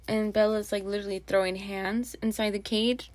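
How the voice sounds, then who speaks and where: A woman's voice: medium pitch, fairly even intonation, normal speed, no room sound. A young woman hosting a casual solo podcast, rambling and chatty with plenty of asides. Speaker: podcast host.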